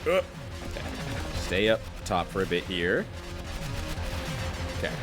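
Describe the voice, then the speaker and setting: Over background music, a male streamer with a low, sing-song voice talks slowly and casually with his viewers as he plays a game. He laughs often throughout the relaxed gameplay commentary.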